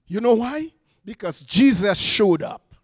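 Man preaching, high voice, slow deliberate delivery, emphatic repeats, dry close sound. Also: animated, dry recording. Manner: emphatic preaching with repetitions and restarts; soft hushed prayer. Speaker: guest preacher. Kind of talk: sermon with prophetic word and prayer.

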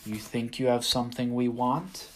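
A man voicing an ancient, evil ship spirit with a deep, dark, haunting voice. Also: fairly even intonation, moderate pace, slight background noise, lightly acted. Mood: menacing.

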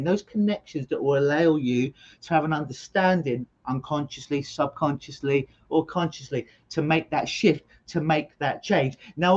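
A middle-aged hypnotist being interviewed over a video call, explaining his work as an energetic storyteller who often repeats words at the start of sentences. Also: a little high, dull audio. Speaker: hypnotist guest.

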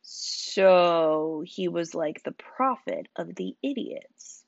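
Storybook figure: a woman playing a moody, sharp-tongued teen boy, in a dull, dry recording. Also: fairly low pitch, animated, takes it slowly, gravelly, dry recording, exaggerated voice. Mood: sarcastic. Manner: snappy, bitter, sarcastic.

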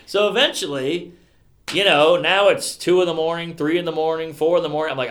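A man from New York telling a story in casual chat, animated and acting out other people's lines. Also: fairly high pitch, a little fast, roomy sound.

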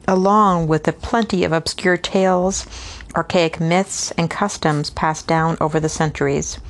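Woman reading a classic novel aloud, low-voiced. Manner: reads steadily, stumbles on hard names and pauses for unscripted asides. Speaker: reader. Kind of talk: casual read-aloud of a novel with asides.

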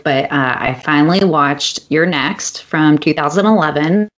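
A woman with a low voice talks casually as a podcast co-host, filling her sentences with ums and small laughs. The recording sounds somewhat dull and lo-fi. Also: measured pace. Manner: chatty, laughs often, many ums. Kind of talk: casual chat.

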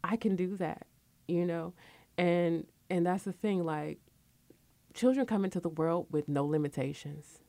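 A woman's voice: a little slow, creaky, no echo. A woman in her forties hosting a radio talk show, chatting candidly and openly about her life and work. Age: 40s. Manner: chatty and candid, lively with sudden high bursts. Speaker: radio host.

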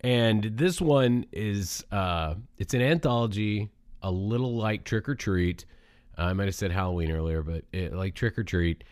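Very deep-voiced man in animated chat. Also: measured pace, clean tone, dry recording, clean studio sound. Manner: animated, jumps high in pitch when arguing. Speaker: movie podcast co-host. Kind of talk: casual chat.

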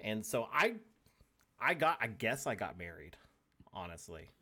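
A man's voice: fairly low pitch, very animated, a little slow, pushed and bright, slightly rough. A man in casual live-stream chat, laid-back and laughing at himself as he tells a story.

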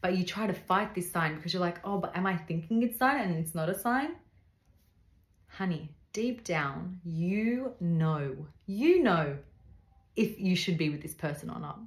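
A woman's voice: lowish voice, lively intonation, moderate pace. Earnest woman giving advice in a roomy room. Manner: earnest, direct, speaks straight to the listener. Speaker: podcast host. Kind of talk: casual faith-based advice talk.

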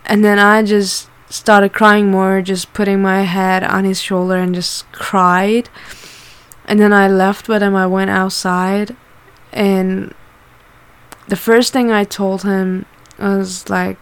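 A woman's voice: medium pitch, flat delivery, takes it slowly, clear, resonant tone. A woman candidly telling a personal story in a casual way, swearing often and using lots of fillers.

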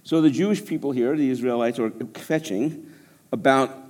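A male pastor preaching a sermon to a congregation, animated, with joking asides. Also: medium pitch, moderate pace. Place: church service.

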